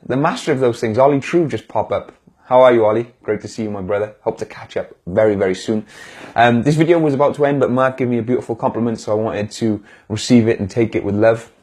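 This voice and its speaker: A man's voice: medium pitch, a little mellow. A man speaking as a motivational speaker on a live stream, encouraging viewers directly in a casual pep talk. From United Kingdom.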